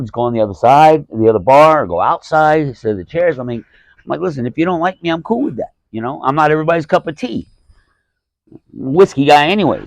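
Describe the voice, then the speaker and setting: A male stand-up comic talks casually on his podcast, looping back on himself and cursing as he acts out what people said. His voice sits at an ordinary middle pitch. The sound is dry and close, with no room echo. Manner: rambling, profane, lots of restarts and acted-out quotes. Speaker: stand-up comedian, podcast host. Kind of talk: casual storytelling monologue.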